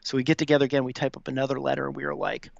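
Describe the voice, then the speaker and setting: Racing along with vocal fry at a medium pitch, a man in his fifties, a veteran and podcast guest, tells a laid-back, profane story while acting out the people in it. There's no room sound, and the recording is dry and slightly dull.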